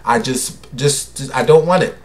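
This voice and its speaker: A man's voice: mid-range voice, moderate pace. A young man hosting his own show, chatting casually and dramatically, calling listeners honey and baby. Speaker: host. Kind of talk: casual solo chat.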